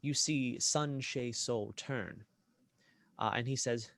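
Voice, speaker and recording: A man narrating a tabletop role-playing game as game master, in a lively way with frequent fillers and restarts. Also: medium pitch, slow, dry recording.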